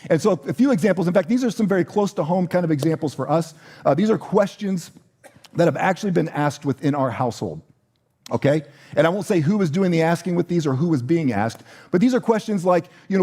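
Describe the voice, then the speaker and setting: Pastor, male, middle-aged; relaxed, high-ish mellow tone, loose conversational preaching. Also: brisk. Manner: conversational, warm-hearted, with many fillers and restarts. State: choked up. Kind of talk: sermon with announcements.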